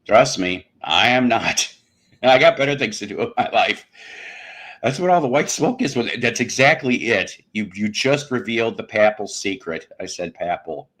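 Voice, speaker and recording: Low-voiced joking livestream host. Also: male voice, lively intonation, moderate pace, a bit bright. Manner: jokey, laughs at his own jokes; reads out chat messages. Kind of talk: rambling comedic livestream chat.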